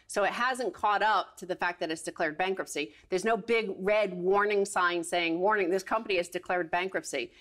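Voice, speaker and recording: A woman's voice: lowish voice, fairly bright tone. A woman co-hosting a financial talk show, chatty and rambling, often laughing as she talks. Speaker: co-host.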